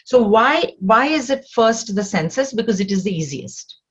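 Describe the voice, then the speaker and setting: A woman's voice: a little high, expressive, a little slow, slightly rough, dull audio. A woman teaching a spiritual scripture class, explaining step by step and asking rhetorical questions.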